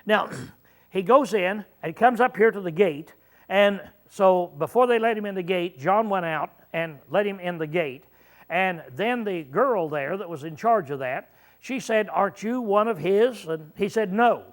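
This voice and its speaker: A man preaching with a fairly high voice, walking his congregation through a Bible passage. He asks them questions as he goes and keeps clearing his throat between halting fillers. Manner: teaching verse by verse, asking the listeners questions. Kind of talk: sermon.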